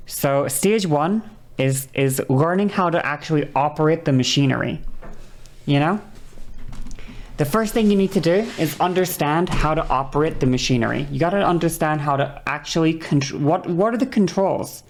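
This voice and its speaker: Low gravelly woman streamer rambling casually about voice stuff, swears a lot, keeps saying okay. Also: animated, moderate pace, darkish tone. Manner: rambling, profane, repeats okay often; demonstrates voice changes with whispery and high vocal sounds. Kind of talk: casual explanatory stream talk.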